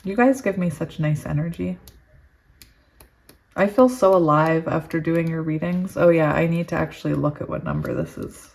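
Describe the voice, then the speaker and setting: A woman tarot reader reading oracle card texts slowly and soothingly, breaking into giddy, laughing asides. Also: sits low, vocal fry. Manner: giddy and excitable, laughs often. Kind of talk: reading oracle cards aloud with chatty asides.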